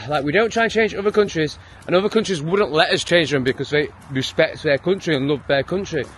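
A man's voice: a little high, brisk, fairly bright tone, a little hiss or hum. An English man ranting heatedly and swearing a lot in his own opinion vlog. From England. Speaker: vlogger. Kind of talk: profane opinion rant.

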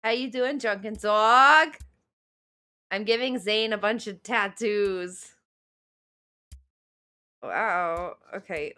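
A woman's voice: medium pitch, slow, pauses often, pushed and bright. A young woman streamer chatting playfully to herself and laughing often while playing a video game live.

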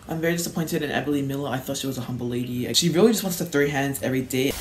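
A woman hosting a casual reaction video, talking in an animated way and laughing often. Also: extremely low pitch.

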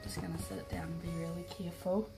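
A woman beauty vlogger talking casually through an unboxing, gushing, excitable and often giggling. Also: on the low side, quick pace. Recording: music playing under the voice.

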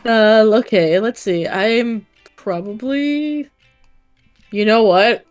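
A woman guest chatting casually on an improv stream, giggly and relaxed. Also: a little high, slow, faint music behind. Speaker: guest player. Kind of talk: casual chat.

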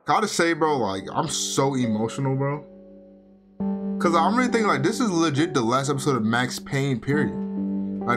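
A young man giving chatty, emotional gameplay commentary, saying "bro" a lot. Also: mid-range voice. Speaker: gaming video creator. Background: game soundtrack music.

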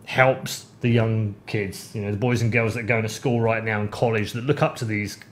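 A man in casual podcast chat, telling stories with lively swings of pitch when he gets excited. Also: normal speed, a little hiss or hum. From United Kingdom. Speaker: podcast host.

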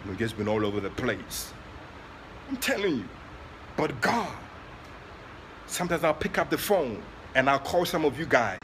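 A man with a Ghanaian accent preaching during an online prayer session, moving between soft asides and loud, passionate exclamations. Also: medium pitch, sing-song, moderate pace, long pauses, slight background noise. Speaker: prophet leading online prayer. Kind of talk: sermon.

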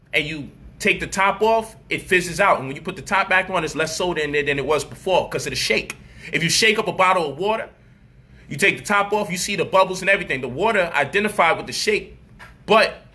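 High, sharp-voiced man ranting mockingly. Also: slightly rough. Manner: animated, profane, mocking, acts out quoted voices. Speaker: commentator. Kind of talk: street-style commentary monologue.

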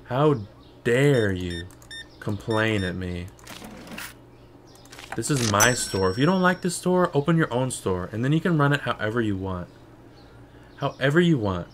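A young man talking through a game stream in a loose, rambling way, sprinkling "bro" and "like" everywhere. His pitch sits in an ordinary middle range, and his tone turns sarcastic at the customers. A faint noise hums behind him. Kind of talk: casual gameplay commentary.

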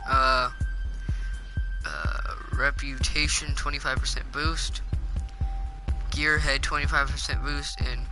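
A man streaming a shooter game, rambling and excitable, often poking fun at himself as he plays. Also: mid-range voice, slow pace, pauses often, poor audio. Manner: rambling, excitable, self-mocking. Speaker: gaming streamer. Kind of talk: live gameplay commentary. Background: loud game music.

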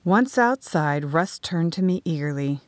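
A woman narrating a first-person audiobook in a measured storytelling manner. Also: deep voice, expressive, no echo.

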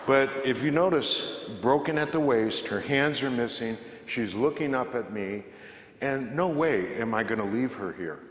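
A man's voice: mid-range voice, lively intonation, a little slow, a little hiss or hum. A middle-aged man, a former radio host, telling a humorous story to a church audience and acting out the voices in it. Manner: conversational, humorous, acts out the voices in his story. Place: large church hall. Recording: echoey hall with long reverb.

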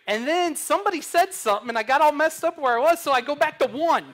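A man's voice: extremely high pitch, lively intonation, fast talker, hardly any pauses, a bit bright. A young man preaching a sermon, earnest and humorous, telling stories. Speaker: pastor.

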